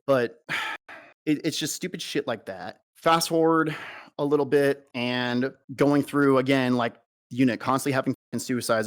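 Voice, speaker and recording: A young adult man, a soldier, giving a blunt and heavily profane personal account in an interview. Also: medium pitch.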